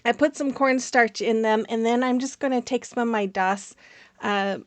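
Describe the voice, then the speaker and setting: A woman's voice: fairly high pitch, moderate pace, no echo. A woman hosting a craft channel, narrating her project in a casual, rambling voice-over with many fillers and frequent laughs.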